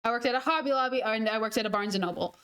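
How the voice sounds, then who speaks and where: A young woman with a fairly high, slightly bright, clean-sounding voice talks at a racing speed. She's a gaming streamer chatting casually and telling stories as she plays, laughing and occasionally swearing.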